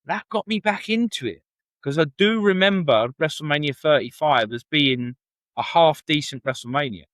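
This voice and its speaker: A man's voice: fairly high pitch, normal speed, fairly bright tone, no room sound. A man from England co-hosting a wrestling podcast, chatty and enthusiastic in casual conversation. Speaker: podcast co-host. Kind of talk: casual chat.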